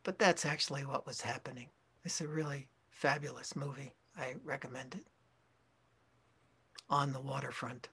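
A Zen teacher giving a dharma talk, speaking in a slow, reflective way with pauses and self-corrections. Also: male voice, mid-range voice, fairly even intonation, sharp tone, husky.

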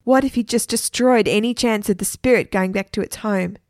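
A woman storyteller reading a children's adventure story aloud with lively expression. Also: medium pitch, brisk, dry recording, clean studio sound.

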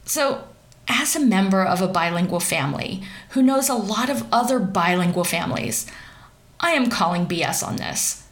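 A woman's voice: mid-range voice, expressive, moderate pace, a bit bright. Woman, young adult, sardonic gossip commentator, wry and sarcastic. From central Pennsylvania, US.

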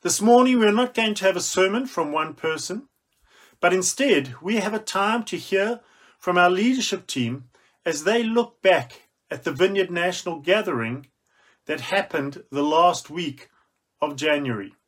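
A man's voice: sits high, expressive, measured pace. A man opening a church service with a friendly, announcing welcome.

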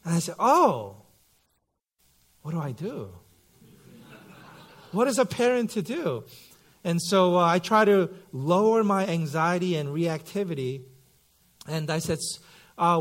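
Speaking from a church sanctuary, this thirtysomething pastor preaches like he's chatting, weaving stories with plenty of fillers. His voice is high and a little slow, with frequent pauses.

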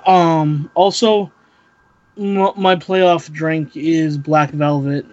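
A man on a casual podcast, speaking in a laid-back, deadpan way with pauses. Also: on the high side, no room sound. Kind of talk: casual chat. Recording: dry, dull lo-fi audio.

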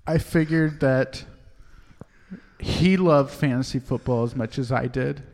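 A man playing an overly earnest male poet who chokes up while reading his own verse, in a halting, self-serious way for a comedy sketch. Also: medium pitch, vocal fry, a little mellow. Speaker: guest poet. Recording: long reverb.

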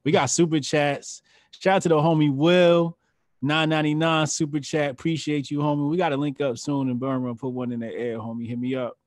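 A man hosting a podcast, relaxed and slangy, chatting and giving shout-outs to viewers. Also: fairly high pitch, a little fast, no echo, clean studio sound. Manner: laid-back, slangy, gives shout-outs. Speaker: podcast host. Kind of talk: casual chat, reading super chats.

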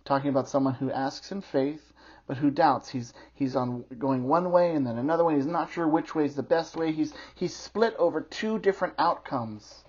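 A man's voice: fairly high pitch, normal speed, a little mellow, husky, dull audio. A man preaching a sermon as pastor, earnest and emphatic, explaining scripture with teaching asides.

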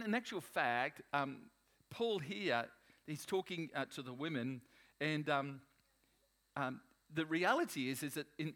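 A male pastor preaching a sermon in an animated, emphatic way, often restarting his sentences. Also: medium pitch.

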